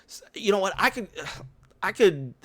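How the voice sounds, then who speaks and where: Lively, laughing man telling stories on a podcast. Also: high voice, a little slow. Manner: lively storyteller who laughs often. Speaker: podcast host. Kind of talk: casual podcast chat. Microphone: podcast microphone.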